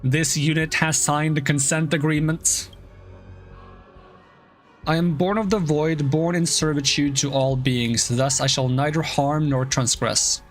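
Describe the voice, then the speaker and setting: A man voicing a calm male combat robot that speaks in clipped system terms. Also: on the high side, a little slow, soft background music, lightly acted. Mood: cold.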